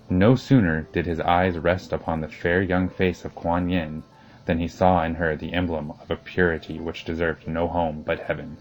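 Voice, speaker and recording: A man narrating an old legend in a measured, solemn storybook reading. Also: deep voice, darkish tone, rough recording.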